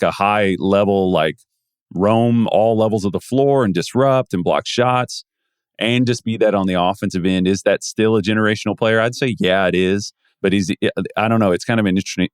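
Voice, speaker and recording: A man's voice: sits low, no echo, studio quality. A man co-hosting a podcast, thinking aloud in casual basketball analysis with lots of restarts. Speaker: podcast co-host.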